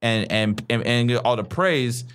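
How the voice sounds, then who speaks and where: A man's voice: medium pitch, unhurried, a bit bright, smooth. A man hosting a comedy podcast, chatting casually in loose, slangy and profane banter while he questions his guest.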